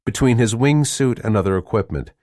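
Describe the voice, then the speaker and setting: A man at medium pitch narrates an audiobook, telling the story in a measured, even way from a script. The recording has studio quality and no room sound.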